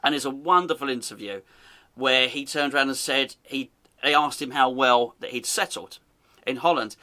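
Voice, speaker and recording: A podcast host with a bright, forceful, medium-pitched voice at normal speed runs a casual comedic football show. He's amused and chatty, teasing and laughing often as he talks.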